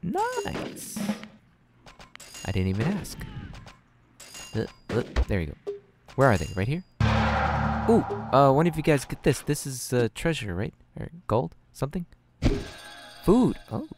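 A young man talks his way through a strategy game in a casual let's-play, flustered and self-mocking, full of fillers and half-finished thoughts. His pitch jumps around a lot, and clear music plays behind him. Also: big pitch swings, normal speed, long pauses. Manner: flustered, self-deprecating, thinks out loud with many fillers. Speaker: gaming channel host.

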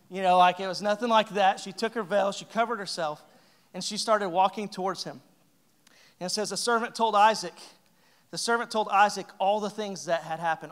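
A man with a fairly high voice preaches in an easy, conversational way. He jokes with the congregation and acts out the lines he quotes. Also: fairly bright tone. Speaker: pastor. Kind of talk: sermon. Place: church sanctuary.

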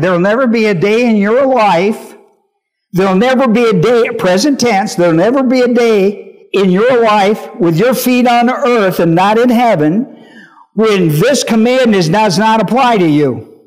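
Emphatic high-voiced male pastor. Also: unhurried. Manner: emphatic, repeats key phrases, checks listeners' understanding. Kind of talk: Bible teaching sermon.

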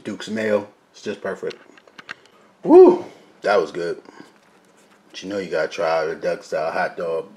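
Low-voiced man hosting a cooking vlog. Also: steady tone, moderate pace. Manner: chatty, talks straight to viewers as "guys"; quiet and mumbled while cooking, louder when addressing viewers. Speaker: cooking video host. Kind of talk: casual cooking vlog chat.

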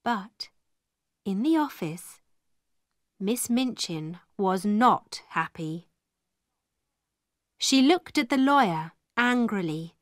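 A woman narrating a simple story for English learners in a slow, clear and deliberate way. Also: medium pitch, lively intonation, no room sound, studio quality. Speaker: storybook reader.

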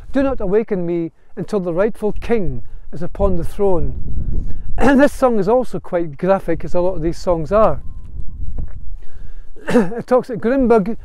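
A man with a high, slightly mellow voice gives an earnest lecture on Gaelic song and history, speaking as a bard and storyteller. His delivery has a storytelling cadence with a few restarts, and there's no echo.

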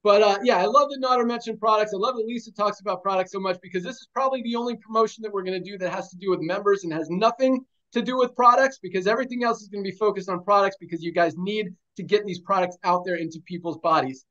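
A man's voice: high voice, quick pace, few pauses, fairly bright tone, highs cut off. A man giving a motivational pep talk to a team, firing off punchy repeated calls to action. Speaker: company presenter.

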